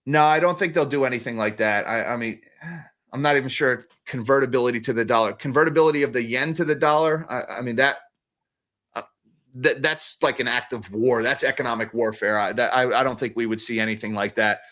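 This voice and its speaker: A man's voice: medium pitch, fairly quick, a bit bright. A man hosting a casual livestream about economics, reading super chats with a sarcastic, chuckling manner and frequent restarts.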